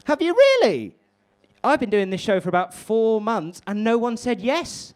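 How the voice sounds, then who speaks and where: Young guy doing stand-up, swears a lot, voice jumps up and down, bit high. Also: very animated, moderate pace, clear, resonant tone. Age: 20s. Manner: chatty, rambling, swearing, often laughing. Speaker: stand-up comedian. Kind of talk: stand-up comedy with crowd work. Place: comedy club stage before a live audience.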